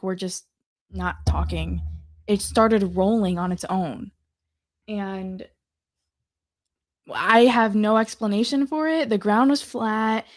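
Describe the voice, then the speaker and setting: A woman with a mid-range voice speaks softly and earnestly as she recounts what happened. She is a co-host on a relaxed podcast chat. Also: mid-range voice. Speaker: co-host, paranormal investigator.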